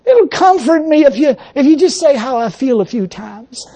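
A man's voice: extremely high pitch, expressive, normal speed, warm tone. A man voicing his own whiny, self-pitying flesh, whimpering and pleading for sympathy. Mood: whining.

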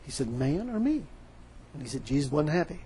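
A man preaching a sermon, animated, retelling a story with quoted dialogue. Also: fairly high pitch, fairly quick, husky, poor audio.

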